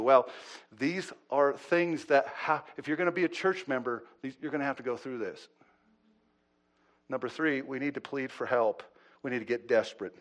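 A man preaching a sermon. His delivery swings between loud, urgent pleading and low, hushed asides, and he often repeats words as he restarts a thought. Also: normal speed. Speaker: pastor.

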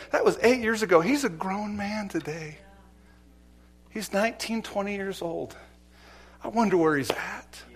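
A middle-aged male pastor preaching a sermon, moving between urgent exhortation and quiet storytelling. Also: on the high side. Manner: dynamic preaching, swinging from loud urgent exhortation to hushed storytelling.

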